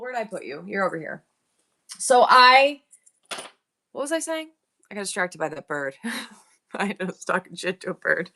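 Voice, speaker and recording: A woman's voice: mid-range voice, pushed and bright. A woman hosting a live online sale, rambling through family stories while thanking viewers by name. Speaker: live-stream seller. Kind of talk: chatty live-sale banter.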